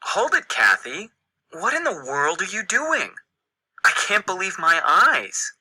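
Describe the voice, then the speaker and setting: A man reading a scripted classroom dialogue with expressive, exaggerated surprise. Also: high-pitched, measured pace, breathy edge, exaggerated voice, low-quality recording. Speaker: actor in a textbook dialogue.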